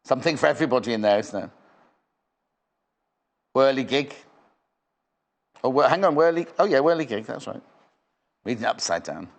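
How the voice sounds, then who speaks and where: A man's voice: medium pitch, expressive, moderate pace, long pauses. A man presenting live on a shopping channel in a studio, with chatty, rambling sales patter.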